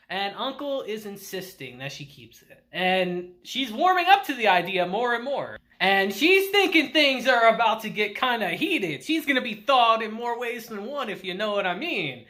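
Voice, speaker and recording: A woman casually recapping an anime episode, laughing often and acting out the characters. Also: a little high. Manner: laughs often while retelling; animated, acts out characters in quick asides. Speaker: anime reviewer.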